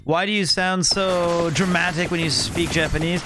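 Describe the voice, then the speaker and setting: A man's voice: high-pitched, steady tone, normal speed. Chatty man over game music. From Kansas City, US. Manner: chatty, joking, rambling. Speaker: streamer. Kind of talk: casual gameplay commentary.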